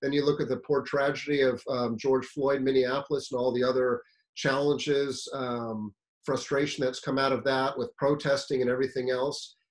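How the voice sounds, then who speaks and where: A man from the United States giving a fire service career seminar, telling a story in an animated, emphatic, conversational way. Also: mid-range voice, moderate pace, rough recording.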